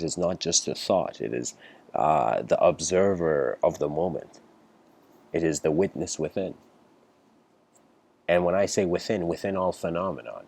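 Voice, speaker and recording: Man, very low voice, young adult, casual lecture, rambling, lots of fillers, acts out characters. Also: darkish tone. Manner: rambling, full of fillers and restarts; acts out characters in the story with raised voice.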